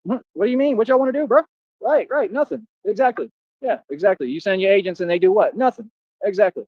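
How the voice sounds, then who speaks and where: A man's voice: on the high side, dry recording, muffled recording. A man hosting a livestream, ranting at his critics in confrontational street slang. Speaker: livestream host. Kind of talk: livestream rant.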